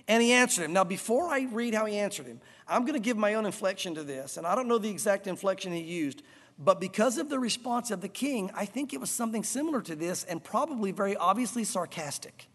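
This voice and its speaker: A man preaching a sermon to his congregation, animated and emphatic, with a long hall reverb. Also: sits high, a little fast. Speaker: pastor.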